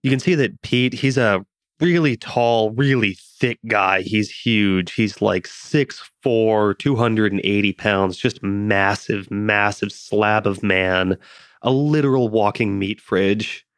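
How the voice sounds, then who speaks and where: Guy running a tabletop game, chill descriptive narration, lowish voice, dry sound. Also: slow pace, no echo. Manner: relaxed, descriptive, laughs easily. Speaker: game master.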